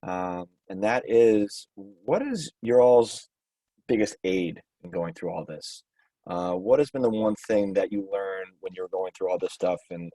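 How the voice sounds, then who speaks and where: A man hosts a video call roundtable in a low, mellow voice. The sound is dry, with no room echo. He is relaxed and a bit hesitant, with some ums as he asks his questions. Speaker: host. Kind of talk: moderating a video call discussion.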